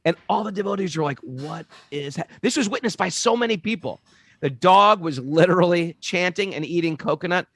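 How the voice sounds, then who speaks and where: Brief: an animated male co-host telling stories, fairly high voice, voices the people he quotes. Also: fairly quick, dry recording. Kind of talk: casual storytelling.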